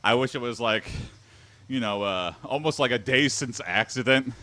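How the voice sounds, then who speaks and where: Reacting to text-to-speech donations on his stream, a young man rambles casually, leaning heavily on fillers and "like." His mid-range voice sounds pushed and bright at a moderate pace, with no room sound.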